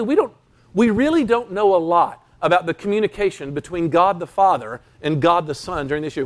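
A man preaching a sermon, emphatic and animated, slowing for dramatic pauses and acting out quoted lines. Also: high voice. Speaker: pastor.

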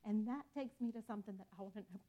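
A woman's voice: medium pitch, racing, mellow, dull audio, a little hiss or hum. A woman teaching a Bible study in an earnest, conversational way, calling her listeners y'all.

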